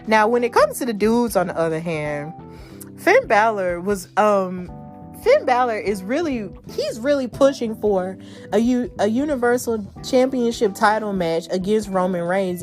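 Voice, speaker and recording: A woman's voice: medium pitch, a little mellow. A woman hosting a podcast, recapping the week's wrestling shows in a chatty, slangy way and laughing at her own jokes. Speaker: podcast host.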